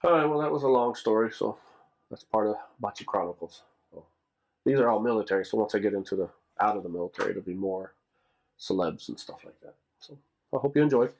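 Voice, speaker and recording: A man's voice: lowish voice, lively intonation, a little fast, darkish tone. A middle-aged man casually recounting a story, rambling and repeating himself as he acts out what people said. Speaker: military storyteller, channel host. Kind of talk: casual spoken anecdote.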